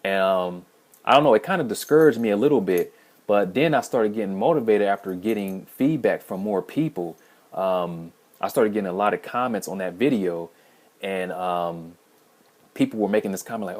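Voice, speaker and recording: A man's voice: deep voice, normal speed. A man hosting a language-learning video, talking casually to camera in a rambling way with many restarts. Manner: rambling, frequent restarts and fillers.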